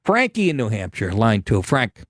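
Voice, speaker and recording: A man hosting a talk radio show, ranting and telling stories in a profane, animated way from a studio. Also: lowish voice, normal speed. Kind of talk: casual talk radio monologue.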